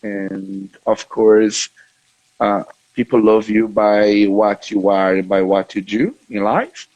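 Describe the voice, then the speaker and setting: Man, Brazilian accent, lowish voice, halting with fillers, dry video call sound. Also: darkish tone, husky, dry recording, muffled recording. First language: Portuguese. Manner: hesitant, many fillers and restarts. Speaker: guest. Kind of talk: casual interview over video call.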